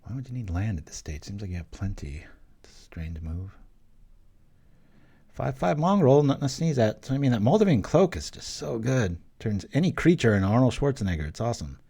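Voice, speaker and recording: A man's voice: fairly low pitch, lively intonation, fairly quick, gravelly, mellow, breathy edge. A man giving casual, rambling commentary over a card game he is playing, joking and chatting between plays. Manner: rambling, jokey, chatty asides. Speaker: gameplay commentator.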